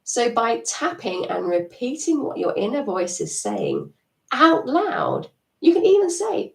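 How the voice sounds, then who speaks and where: A woman's voice: a little high, wildly swooping pitch, unhurried, creaky, a little mellow. A middle-aged woman coaching a live EFT tapping session, chatty and encouraging, laughing at herself. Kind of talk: live-stream coaching talk. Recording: echoey room, distant mic.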